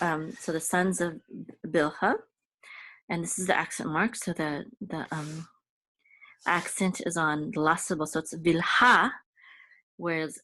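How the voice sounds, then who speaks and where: A low-pitched woman teaches a language lesson in an easygoing walkthrough, and there's no echo. She patiently explains every step, often pausing with fillers and checking that the listener is following.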